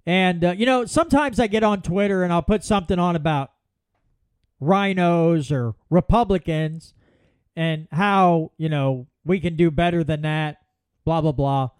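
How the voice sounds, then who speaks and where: A man's voice: a little high, measured pace, clean tone, no echo. A man hosting a solo political podcast, telling folksy stories with many restarts. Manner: folksy, animated storytelling with repeated restarts. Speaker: podcast host.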